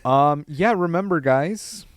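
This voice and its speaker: A man's voice: fairly high pitch, animated, slow pace, clear, resonant tone, dry recording, studio quality. A man hosting a podcast in casual comedic chat, joking and swearing freely. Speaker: podcast host.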